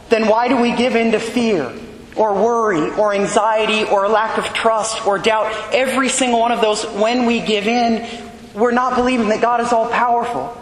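A man's voice: very high-pitched, roomy sound, in a large hall, poor audio. A man giving a homily as a priest, earnest and conversational, often checking in with "right?".

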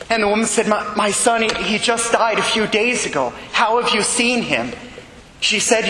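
A man preaching slowly and earnestly, telling stories with quoted dialogue. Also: high-pitched, pushed and bright, slight background noise. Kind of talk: sermon storytelling. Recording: echoey hall with faint ambience.

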